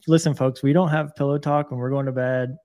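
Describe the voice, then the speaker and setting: A man's voice: mid-range voice, steady tone, fairly quick, a little mellow, no room sound. A man co-hosting a podcast, chatting casually and teasing his co-host in a dry way. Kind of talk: casual chat. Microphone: podcast microphone.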